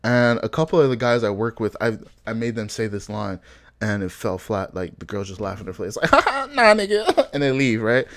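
A young man from Africa telling animated stories in casual chat, laughing often and acting out the quotes. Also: lowish voice, fairly quick.

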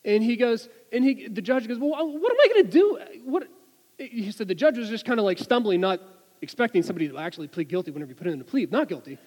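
A man giving a sermon, telling an anecdote with lively delivery and many restarts and repeated words. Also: sits high, very fast, long reverb tail, rough recording. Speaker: preacher. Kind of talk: sermon with storytelling.

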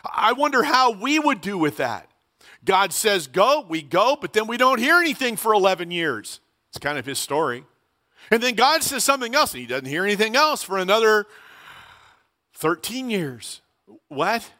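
A man's voice: sits high, big pitch swings, normal speed, sharp tone. A middle-aged man preaching a sermon in a conversational way, asking rhetorical questions and repeating key phrases. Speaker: pastor.

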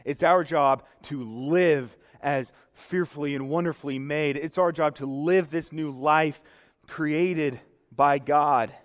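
Young man preaching, earnest, emotional, slightly high voice, long hall reverb. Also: takes it slowly. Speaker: pastor. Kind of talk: sermon. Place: church sanctuary.

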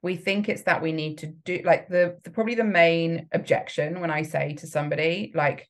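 A woman's voice: on the low side, fairly even intonation, moderate pace, few pauses. A woman coach giving a motivational talk, emphatic and frequently laughing as she acts out the voices in people's heads. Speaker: business coach.

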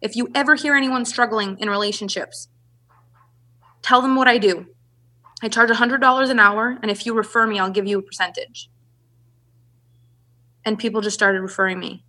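A woman's voice: a little high, moderate pace, long pauses, sharp tone. A woman, a relationship and business coach, telling her story as a podcast guest and acting out the voices of people she quotes.

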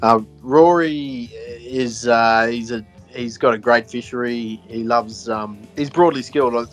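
A man's voice: medium pitch, unhurried, faint music behind. A man co-hosting a podcast, enthusiastic and rambling with frequent restarts. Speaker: podcast co-host. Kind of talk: casual podcast interview.

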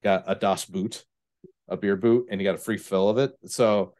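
A man's voice: lowish voice, normal speed. A man hosting a tabletop gaming podcast, telling stories casually and with lots of fillers and restarts. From US East Coast. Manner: rambling, animated storytelling with many fillers. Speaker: podcast host. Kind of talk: casual chat.

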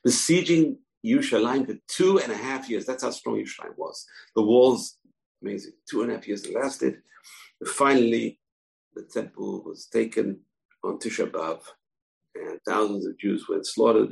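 Low gravelly guy teaching jewish history, emphatic, says things twice. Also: normal speed, low-quality recording. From family from Babylon, moved to Israel. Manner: emphatic, repeats words for stress. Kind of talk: informal history lesson.

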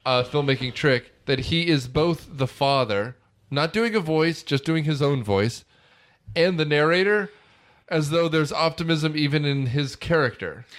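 A man's voice: on the high side, a little slow. A man co-hosting a podcast, chatting casually about a film with plenty of fillers and asides. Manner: rambling, frequent fillers and asides. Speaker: podcast co-host.

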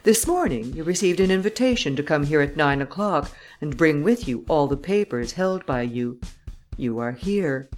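A man reading an audiobook, voicing a calm, commanding gentleman adventurer who talks with a mocking edge. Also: on the high side, moderate pace, faint music behind, natural voice.

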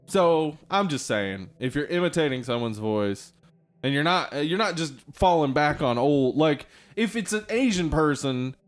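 A man's voice: on the high side, lively intonation, normal speed. A man co-hosting a casual podcast, joking and holding forth with opinions. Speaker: podcast co-host. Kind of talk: casual chat.

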